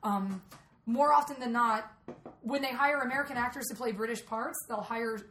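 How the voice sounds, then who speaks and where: Chatty woman in a roomy echo. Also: fairly high pitch. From Atlanta, Georgia. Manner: animated, chatty, quick asides. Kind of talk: casual chat. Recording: roomy echo, faint noise.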